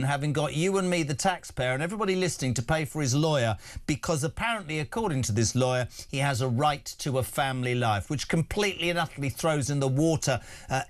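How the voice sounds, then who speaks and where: A man hosting a breakfast talk show, speaking in an indignant, emphatic way as he gives his opinions. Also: fairly high pitch. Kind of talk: opinionated radio debate.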